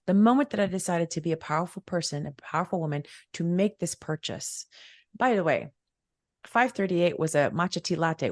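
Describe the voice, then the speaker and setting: A woman's voice: on the low side, no room sound, clean studio sound. A middle-aged woman, a wealth mentor, telling a personal story as a podcast guest, emphatic and repetitive as she acts out the dialogue.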